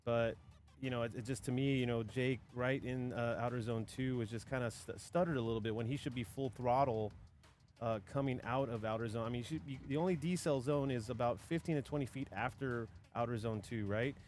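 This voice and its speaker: A man's voice: medium pitch, fairly quick, darkish tone, soft background music. A man commentating and judging a live drift event, rambling casually with many restarts.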